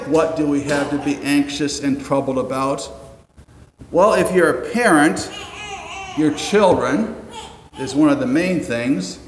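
Man in his fifties, pastor delivering a casual sermon with dry asides; a touch higher-pitched, recorded in a reverberant church sanctuary with faint ambience. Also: expressive, a little slow, a little hiss or hum. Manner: conversational, wry asides, rhetorical questions. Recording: roomy echoing hall, faint ambience.

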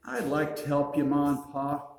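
A man's voice: a little high, animated, moderate pace, vocal fry, a little hiss or hum. A man voicing a grown son who makes apologetic excuses to his parents for not helping them. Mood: sheepish. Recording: roomy echo.

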